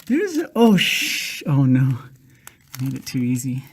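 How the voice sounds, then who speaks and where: A woman's voice: very deep voice, big pitch swings, unhurried, a little hiss or hum. A woman filming a casual home video, coaxing her cats with fond baby-talk and frequent whispers. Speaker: cat owner filming her pets.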